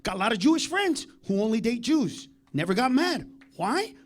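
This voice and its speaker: A man doing a live stand-up routine in a comedy club, profane and confrontational, needling the audience and swinging from low muttering to shouting. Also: big pitch swings, moderate pace.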